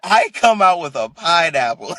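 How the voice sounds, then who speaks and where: A man's voice: a little high, sing-song, unhurried, fairly bright tone. A man being interviewed as a wrestler guest in a casual podcast, laughing often and restarting his sentences.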